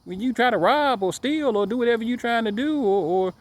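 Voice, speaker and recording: A man's voice: very high-pitched, fairly quick. A man giving a casual ranting monologue to camera, emphatic and repetitive, stumbling over repeated words. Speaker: dog breeder vlogger.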